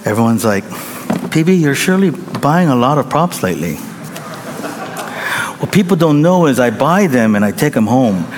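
A man preaching a sermon as a pastor, telling a story with lively acted-out quotes and calls to the congregation. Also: medium pitch, moderate pace, long pauses, big-room sound, slight background noise.

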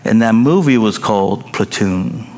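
A man preaching a sermon and telling a personal story, in an animated way with high excited bursts. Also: measured pace. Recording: long reverb of a large hall.

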